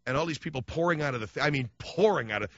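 A man's voice: a little high, lively intonation, very fast, dry recording, dull audio. A man hosting a radio talk show, ranting sarcastically in a comic monologue.

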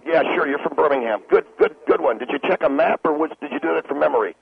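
Brash, gravelly man on a phone line. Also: a little high, fast. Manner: brash, condescending and insulting. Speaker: radio show guest. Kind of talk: call-in talk radio banter. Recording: tinny phone line with faint hiss.

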